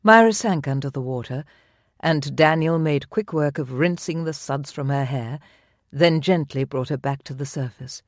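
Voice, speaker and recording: Narrator reading a novel, calm and intimate, close mic, dead dry room. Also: medium pitch, moderate pace, no echo. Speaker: audiobook narrator. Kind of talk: scripted narration.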